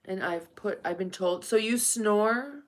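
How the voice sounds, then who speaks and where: A woman's voice: medium pitch, measured pace. A woman live streaming at night, chatting casually with viewers and calling them honey and darling.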